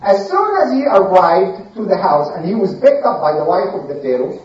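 Animated high-voiced man telling stories to kids. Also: normal speed. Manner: animated, asks children questions. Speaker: storyteller for children. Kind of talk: religious storytelling to children. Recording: echoey room, distant muffled mic.

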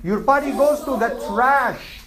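A woman's voice: high voice, unhurried, a crowd in the background, low-quality recording. A woman teaching an Islamic class, asking her students questions and repeating her points. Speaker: religious teacher.

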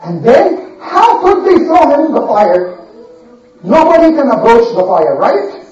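A woman teacher telling a story to children in a classroom, animated and quizzing the class as she goes. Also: high voice, unhurried. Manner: animated, asks the class questions. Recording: echoey classroom from far off, dull.

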